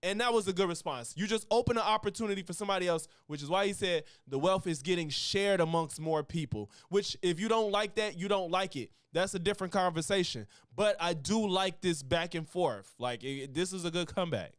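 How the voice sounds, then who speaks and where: A man reacting to a podcast on a live stream, talking with a high, lively voice. He thinks out loud, stops and restarts, and uses a lot of slang. His tone is casual and relaxed throughout. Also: fairly quick, hardly any pauses, no room sound, clean studio sound.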